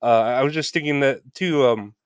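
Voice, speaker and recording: A male podcast host with a smooth, resonant voice and a mid-range pitch. He talks in a halting, friendly way, trips over his words and adds agreeable "mm-hmm"s. The sound is dry and close. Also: no echo. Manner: halting, restarts, agreeable backchannels. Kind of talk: casual interview chat.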